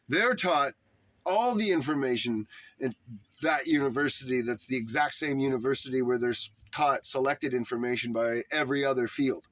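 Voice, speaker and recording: A man's voice: medium pitch, normal speed, a bit bright, no room sound. A man delivering a heated, profane rant, putting heavy emphasis on his words and tone. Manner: heated, emphatic, swearing often. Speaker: religious commentator.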